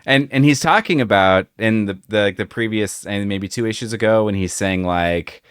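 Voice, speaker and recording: Seorang pria membawakan podcast bersama, membahas komik dengan santai dan sering ragu memakai kata pengisi. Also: male voice, fairly low pitch, normal speed, smooth. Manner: relaxed, hesitant with fillers, retells scenes. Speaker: podcast co-host. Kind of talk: casual comic book discussion.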